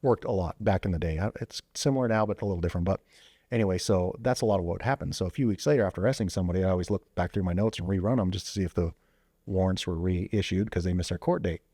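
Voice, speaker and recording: A former police officer and veteran, appearing as a podcast guest, tells a story casually in a low, mellow voice with a breathy edge and a quick pace. He's loose, leaning on fillers like "you know" and "like," and acts out quoted dialogue with sudden jumps in his voice. The recording is studio quality with no echo.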